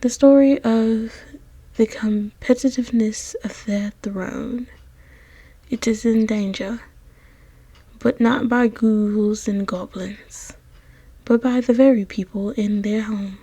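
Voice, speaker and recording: A woman voicing a grand, dramatic storyteller with a hushed, breathy, theatrical delivery in a game voiceover. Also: fairly high pitch, steady tone, takes it slowly, dry recording. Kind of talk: voiceover over a life-sim game.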